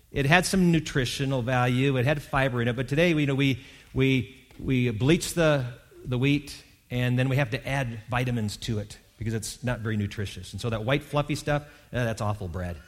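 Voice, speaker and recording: A man delivers a sermon in a loose, conversational style, restarting phrases and acting out the quotes. His voice sits at an ordinary pitch, and a long reverb trails behind it as if he speaks in a large sanctuary. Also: normal speed. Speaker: pastor.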